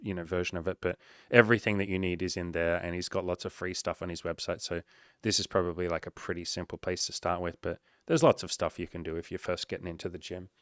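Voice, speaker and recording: Male dating coach, lower voice, casual and blunt, dry close-mic delivery. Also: fairly even intonation, fast, a bit bright, no echo. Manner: frank and upbeat, swears casually. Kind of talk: casual commentary reading a client's update.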